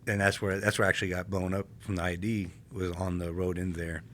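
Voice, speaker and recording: A man from California, a retired army infantryman, telling war stories in a casual podcast interview, animated and laughing as he talks. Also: deep voice, fast, a little hiss or hum.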